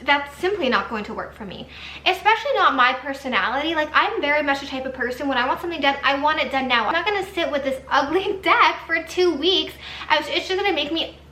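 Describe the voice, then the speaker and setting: A woman's voice: high-pitched, fast, roomy sound. A young woman telling a storytime vlog in a casual, exasperated way, full of "like"s. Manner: animated and exasperated, many "like"s. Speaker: vlogger.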